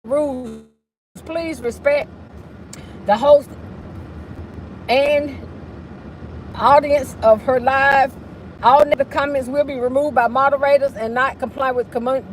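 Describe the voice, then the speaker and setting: Woman livestream host, high voice, chatty sing-song delivery, faint car noise behind. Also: rough recording. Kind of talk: casual live chat while driving.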